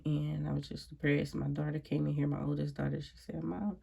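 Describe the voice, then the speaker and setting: A grieving woman speaks from her home in a casual personal monologue, her voice deeply gravelly and husky. She sounds reflective and worn out. She often sighs and calls out prayerful exclamations between thoughts. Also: completely flat delivery, fairly quick, warm tone. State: grieving, emotionally drained. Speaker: vlogger. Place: at home, indoors.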